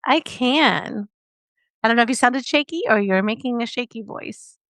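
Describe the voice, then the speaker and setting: High-voiced chatty mom host. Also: female voice, normal speed, a bit bright, no room sound. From United States. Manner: chatty, laughs easily, trails off with fillers. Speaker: podcast host. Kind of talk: casual chat.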